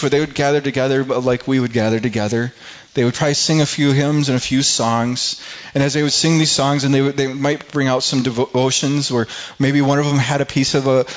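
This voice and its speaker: A man's voice: medium pitch, dull audio. A middle-aged man preaching a sermon as pastor in a church, often restarting and repeating words as he builds to emphatic peaks.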